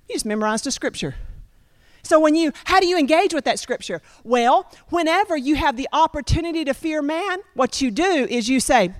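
A woman preaching a sermon, talking straight to her congregation with lively repetition. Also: high-pitched, brisk, no room sound, clean studio sound. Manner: animated, repetitive, addresses congregation directly.

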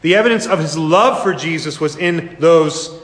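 A man preaching a sermon as a pastor, earnest, slowing down and repeating phrases for emphasis. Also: fairly high pitch, fairly bright tone. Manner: earnest, with dramatic slow emphasis and repetition. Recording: echoey hall reverb.

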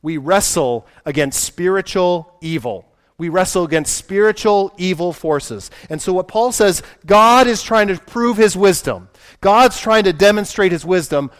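A man's voice: high-pitched, animated, measured pace, a bit bright. A man preaching a sermon in a conversational way, asking his listeners questions and acting out the voices he quotes.

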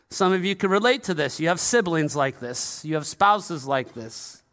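A man's voice: fairly high pitch, lively intonation, normal speed, few pauses, a bit bright. A male pastor preaching a sermon in a conversational, humorous style, with asides to the congregation in a large church. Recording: long reverb of a large hall.

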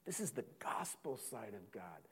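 A man, a pastor, preaching a sermon, swinging from loud urgent passages to hushed, slow scripture reading. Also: fairly low pitch, sing-song, gravelly, slightly rough.

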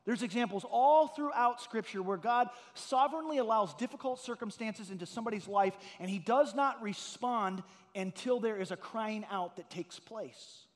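A middle-aged pastor delivers a sermon with earnest storytelling that climbs to loud, emphatic peaks. His voice sits high for a man. The sound trails off in the long reverb of a big room. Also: moderate pace, hardly any pauses.

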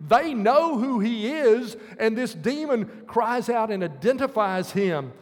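Male preacher, high voice, earnest verse-by-verse sermon, long hall reverb. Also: animated, takes it slowly, a little mellow. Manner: earnest, explaining scripture verse by verse.

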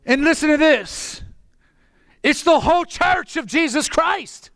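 A man preaching a sermon with passion, often rising to a shout. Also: extremely high pitch, lively intonation, unhurried, no echo. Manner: impassioned, bursts into shouting.

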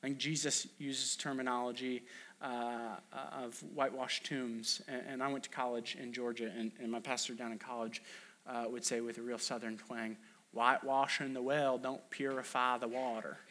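A man's voice: medium pitch, little pitch movement, moderate pace, fairly bright tone. Conversational man preaching a sermon. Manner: conversational, storytelling with acted quotes and restarts. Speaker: pastor.

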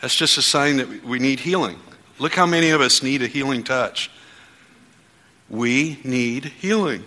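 A man's voice: medium pitch, a little slow, sharp tone, in a large hall. A man preaching as pastor to his congregation, leading the room in fervent spoken declarations. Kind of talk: church sermon. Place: church sanctuary.

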